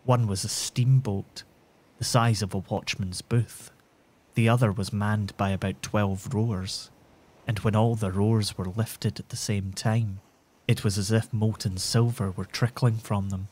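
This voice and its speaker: A man narrating a bedtime story for adults in a soothing, measured manner. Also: on the low side, fairly even intonation, a little mellow, slightly rough.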